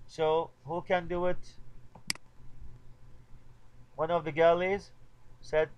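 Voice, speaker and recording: A middle-aged man lectures a translation class in a slightly high voice. He says example sentences slowly and more than once, then breaks each one down. His is Arabic. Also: little pitch movement, dull audio, slight background noise. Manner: repeats model sentences slowly, switches between English and Arabic. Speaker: university translation teacher.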